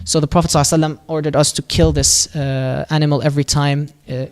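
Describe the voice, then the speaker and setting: A man telling a prophet's story at a mosque in a lively, casual way, acting out the quoted lines and using Arabic phrases. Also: fairly high pitch, rapid-fire, smooth. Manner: casual, with fillers and restarts. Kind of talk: religious storytelling talk.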